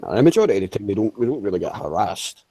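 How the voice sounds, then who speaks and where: A man's voice: fairly low pitch, sing-song, racing, mellow, breathy edge, no echo, rough recording. A man chatting casually, rambling with stammered restarts and frequent swearing. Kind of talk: casual chat.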